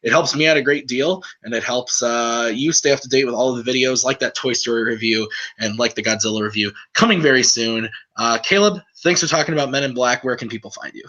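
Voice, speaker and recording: A man hosts a laid-back movie review, his voice bright and forceful. He talks loosely, with plenty of "like" and "um" between his points. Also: medium pitch, brisk, few pauses, highs cut off. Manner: relaxed, filler-heavy, lots of "like" and "um". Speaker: host of a movie review channel. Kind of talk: casual movie review chat.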